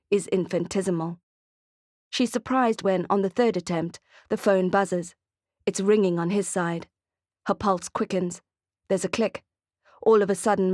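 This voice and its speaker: A woman narrating an audiobook thriller in a steady, expressive reading. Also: medium pitch, no room sound, clean studio sound. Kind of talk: scripted narration.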